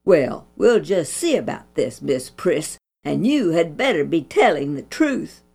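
A woman's voice: low voice, big pitch swings, a little slow, vocal fry, darkish tone, husky, faint music behind, full character voice. A woman voicing a stern, scolding mother in a storybook reading. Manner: emphatic, scolding. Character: stern country mother, scolding then warm.

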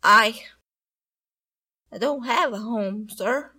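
A woman's voice: on the high side, drawn-out words, sharp tone, husky, exaggerated voice. A woman voicing a poor, hungry young boy who stammers hesitantly and stays polite. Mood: timid.

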